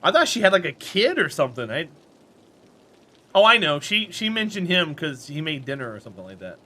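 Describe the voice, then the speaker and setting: A man's voice: fairly high pitch, sing-song, fairly quick, pushed and bright. A man streaming a game and chatting casually with his viewers, friendly and talkative, answering chat by name and laughing often.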